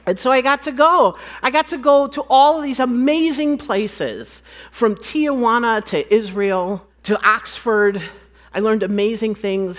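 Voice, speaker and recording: Animated woman telling stories on stage. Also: medium pitch. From United States. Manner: animated, acts out dialogue, laughs often. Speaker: conference speaker. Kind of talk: storytelling conference talk.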